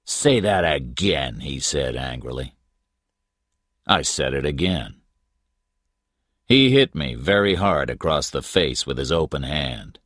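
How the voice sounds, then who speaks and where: Man, audiobook narrator, very deep voice, slow measured reading, dry close studio sound. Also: big pitch swings, a bit bright, dry recording. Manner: measured, first-person storytelling.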